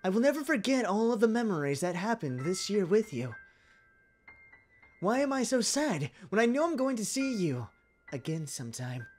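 A man's voice: high-pitched, a little mellow. A man reading out game dialogue as a clingy, lonely, lovesick character, pleading and melodramatic.

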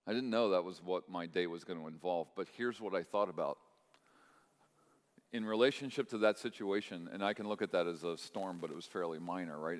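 A male pastor preaching a sermon, telling a story and checking in with the congregation, moving between hushed moments and impassioned, louder stretches. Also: low voice. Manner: swings from hushed to loud, impassioned. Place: church sanctuary. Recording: long reverb of a large hall.

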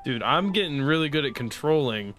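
A young man doing let's play commentary, excitable and sarcastic, pleading and shouting at the game as he plays. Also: on the high side, fairly quick, soft background music. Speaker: gaming YouTuber.

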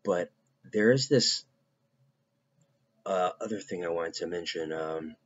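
A man with a very deep voice gives a casual devotional talk, taking his time and pausing often on fillers. The recording sounds dull and lo-fi. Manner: casual, halting, with many fillers. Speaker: preacher.

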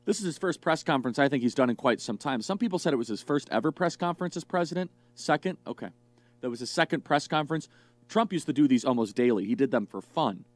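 A man giving political commentary in a sarcastic, mocking, animated way. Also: medium pitch, quick pace, no room sound. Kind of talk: commentary clip.

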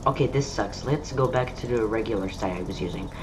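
A woman's voice: a bass voice, brisk, background noise. A woman rambling and swearing irreverently as she comments on her gameplay. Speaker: gamer. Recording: loud gunfire game audio behind.

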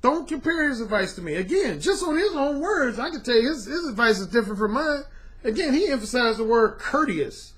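A man's voice: very high voice, big pitch swings, a little fast, fairly bright tone. A middle-aged man and dating coach talking bluntly and casually to his viewers, dropping "man" and slang as he goes. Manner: blunt, colloquial, repeats "man".

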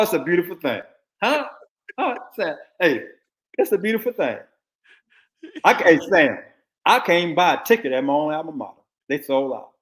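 Blunt, emphatic older man. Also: high-pitched. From Texas. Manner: blunt, emphatic, repeats his points. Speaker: former football coach, guest analyst. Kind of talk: animated casual football talk.

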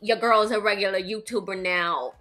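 A woman's voice: mid-range voice, steady tone, a little fast, sharp tone, soft background music. A woman beauty vlogger chatting casually at home, goofy and self-mocking as she reviews makeup.

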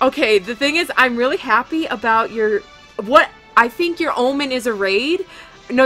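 Bright high-voiced young woman streaming. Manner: thanks viewers rapidly, bursts into shrieking excitement. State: shaking with excitement. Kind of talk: live game stream chat.

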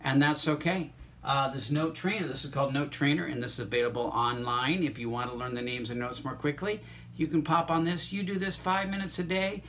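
A man teaching an online music lesson, encouraging students and walking them through note names and vocal warm-ups. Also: on the high side, fairly even intonation, brisk, a little hiss or hum.

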